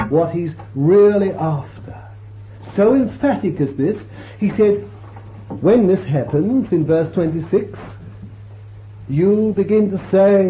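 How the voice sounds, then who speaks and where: A man's voice: sits high, lively intonation. A man preaching a sermon in an emphatic, dramatic way, his voice rising and falling as he quotes and explains scripture. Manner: emphatic, slow, dramatic swells and drops. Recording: tinny lo-fi recording with faint hiss.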